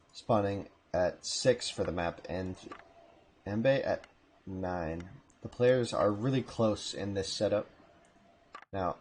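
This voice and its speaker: A man casting a live strategy game match from home, with a relaxed, chatty manner and casual asides. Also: low-pitched, slight background noise. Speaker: esports caster. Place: home room.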